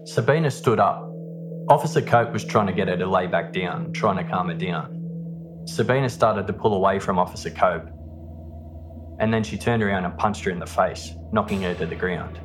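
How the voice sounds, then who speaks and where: Deep-voiced man narrating true crime. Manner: steady, measured storytelling. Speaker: podcast host. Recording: narration over background music. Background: music.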